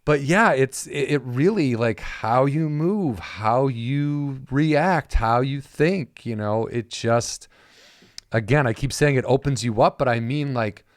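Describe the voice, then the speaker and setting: A man's voice: mid-range voice, slow pace, no room sound, studio quality. A man hosting a casual podcast, chatting loosely, poking fun at himself and swearing freely. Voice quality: self-deprecating, swears freely. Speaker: podcast host.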